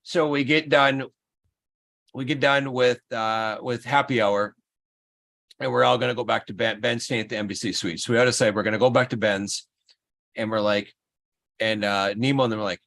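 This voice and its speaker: A man's voice: mid-range voice, normal speed, vocal fry. Man telling a rambling story. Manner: animated storyteller, rambling restarts. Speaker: livestream host. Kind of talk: casual chat.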